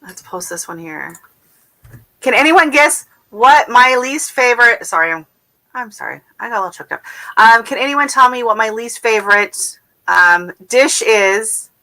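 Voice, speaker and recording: A woman's voice: fairly high pitch, animated, measured pace, sharp tone. A woman hosting a casual gardening livestream, chatting in a rambling way with many fillers and restarts while she answers viewers. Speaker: gardening channel host. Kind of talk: casual livestream chat, reading viewer comments. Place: at home.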